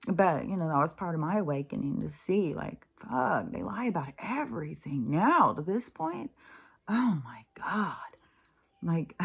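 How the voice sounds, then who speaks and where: A woman vlogger in a casual, blunt monologue to camera, swearing freely and mocking others by acting out their lines. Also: lowish voice.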